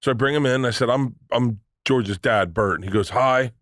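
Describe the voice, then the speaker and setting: A middle-aged man tells stories as a podcast guest, leaning into the voices of the people he quotes and cursing casually. His voice sits at an ordinary male pitch. The sound is dry and close on a studio mic. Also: moderate pace, no room sound. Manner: animated storyteller who acts out quoted voices, swears freely. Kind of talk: casual storytelling chat.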